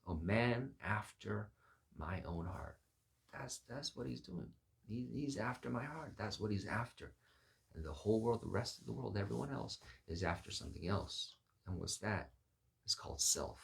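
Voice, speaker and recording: Male preacher, deep gravelly husky voice, sermon delivery with acted-out bits. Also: unhurried. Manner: acts out Bible figures in lively voices.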